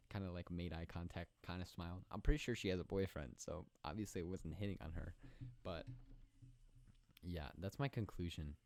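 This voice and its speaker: A man's voice: sits low, creaky, a little mellow. A young man hosting a casual solo podcast, rambling and joking about himself, with lots of restarts, talking into a podcast microphone at home. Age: young adult. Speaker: podcast host. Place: indoor room at home at night.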